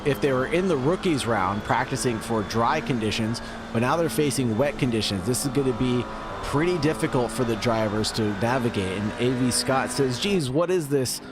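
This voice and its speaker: A man calling live sim racing play-by-play, steady and a little teasing, reading out chat. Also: mid-range voice, normal speed, noisy background.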